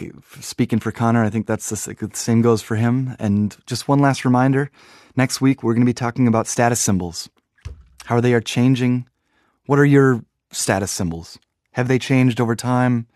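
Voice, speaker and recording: A man co-hosting a podcast in casual chat, slowly explaining what words mean as he goes. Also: medium pitch, a little mellow, no echo, clean studio sound. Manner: thoughtful, explains word meanings slowly. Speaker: podcast co-host.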